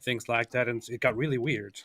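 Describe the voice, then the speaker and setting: A man's voice: medium pitch, steady tone, brisk, pushed and bright, no echo. A man co-hosting a casual chat, blunt and sarcastic.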